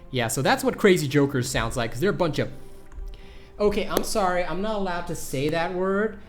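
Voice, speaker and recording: An excitable man with a fairly high voice gives casual gameplay guide commentary. He rambles, swears freely and trips over repeated words, with faint background music behind him. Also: moderate pace. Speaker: gaming YouTuber.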